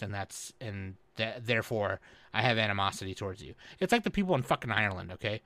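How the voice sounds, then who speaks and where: A man chatting on a podcast, blunt and profane, telling things in an animated, loose way. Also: lowish voice, fast talker, no echo. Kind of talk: casual chat.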